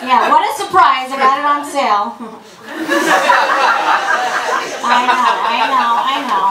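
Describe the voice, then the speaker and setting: A brash woman, working a comedy club crowd in a crude, chatty way. Her voice sits fairly high, heard from a distance in a roomy, noisy room. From Brooklyn, New York. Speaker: stand-up comedian. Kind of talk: stand-up comedy set.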